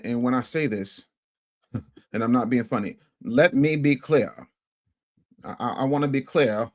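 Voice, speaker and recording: A man hosting a casual livestream, reading viewer chat and commenting, emphatic and repetitive, swinging from loud outbursts to low mutters. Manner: emphatic, repeats phrases for effect. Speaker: livestream host.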